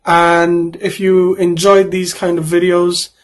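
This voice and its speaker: A man's voice: sits high, monotone, takes it slowly. A man in his twenties, a YouTuber, reading out would-you-rather questions and answering them in a rambling, joking way with offhand asides.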